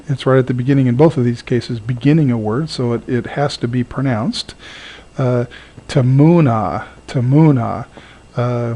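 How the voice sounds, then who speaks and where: A man teaching a recorded lesson, halting with frequent fillers and repeating words slowly to model their sound. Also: medium pitch, warm tone. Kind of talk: recorded lecture.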